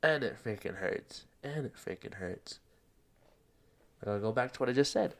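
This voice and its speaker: A man's voice: mid-range voice, animated, moderate pace, creaky, fairly bright tone. A young man hosting a solo podcast, rambling in casual slang, laughing at himself and a bit out of breath. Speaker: podcast host.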